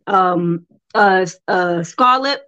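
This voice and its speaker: A woman's voice: medium pitch, drawn-out words, pushed and bright, no echo. Playful New York woman, dry and dull. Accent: New York with some Southern country. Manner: laughs often, playful. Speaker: podcast co-host. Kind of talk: casual chat. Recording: dull, dry close recording.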